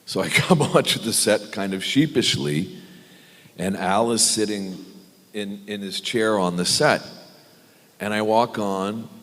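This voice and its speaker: A man, a guest actor on a convention panel, telling an animated, self-deprecating anecdote with many restarts. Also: lowish voice, measured pace. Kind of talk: anecdotal storytelling. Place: large convention hall panel. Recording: echoey convention hall.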